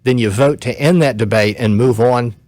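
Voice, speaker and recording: A man's voice: medium pitch, darkish tone, dry recording. A man who is a guest commentator, explaining law step by step on a talk radio show, short on sleep. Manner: measured, explains step by step, some restarts.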